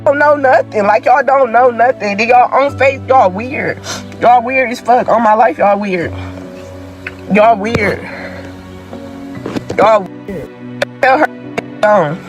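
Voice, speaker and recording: A woman's voice: fairly high pitch, measured pace, music in the background. A young woman, ranting angrily and tearfully about her sister's death, repeating herself with heavy profanity. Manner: heated, repetitive, profane, emphatic. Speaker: grieving sibling. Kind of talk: angry direct-to-camera rant.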